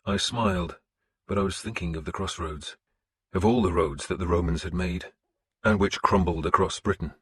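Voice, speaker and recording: A man narrating an audiobook in the first person with a steady, measured delivery. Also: low voice, breathy edge.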